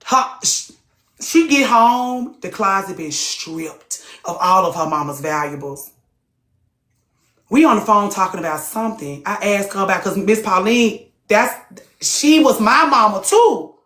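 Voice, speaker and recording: In an echoey room, a woman with an expressive, mid-range, fairly bright voice hosts a heated, casual group talk, speaking a little slowly. She's blunt and profane and keeps throwing rhetorical questions at her listeners.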